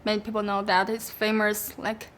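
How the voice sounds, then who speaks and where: A woman from China with a Chinese accent, introducing her instrument in a hesitant, casual way with many pauses. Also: mid-range voice, monotone, a bit bright. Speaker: pipa musician.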